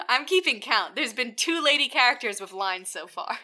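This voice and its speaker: Chatty woman with a bright, sharp voice. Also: a little high, big pitch swings, unhurried. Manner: rambling recap full of "like" fillers, acts out quotes. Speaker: podcast co-host recapping a TV series. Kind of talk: casual chat.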